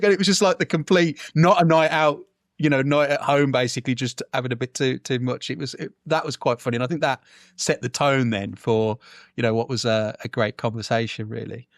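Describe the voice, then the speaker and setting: A man's voice: medium pitch, fairly even intonation, fast, no room sound, clean studio sound. A man co-hosting a podcast, chatting casually in rambling sentences with restarts. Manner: rambling with restarts, laughs along. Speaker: podcast co-host. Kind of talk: casual chat.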